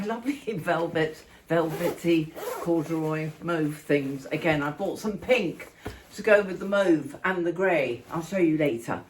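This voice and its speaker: Older woman, from England, casual vlog chat, affectionate, meandering, slight background noise. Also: sits low. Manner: chatty, rambling, affectionate. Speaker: vlogger. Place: outdoors walking and at home.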